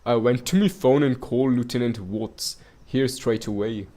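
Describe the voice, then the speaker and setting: A man voicing a gossipy middle-aged male neighbor in a game, attempting a rough Scottish-style accent. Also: medium pitch, moderate pace, dark tone, close to an everyday voice. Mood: chatty.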